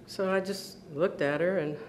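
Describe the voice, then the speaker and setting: Brief: educator telling her own story onstage, earnest, deliberate pauses. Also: on the low side, a little hiss or hum. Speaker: school principal giving a talk. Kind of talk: personal storytelling talk.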